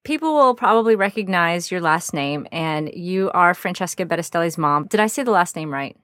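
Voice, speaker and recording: A woman's voice: lowish voice, animated, brisk, fairly bright tone, dry recording, studio quality. A woman in her thirties hosting a podcast for mothers, talking in an earnest, encouraging, heartfelt way. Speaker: podcast host. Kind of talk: warm scripted intro and casual podcast chat.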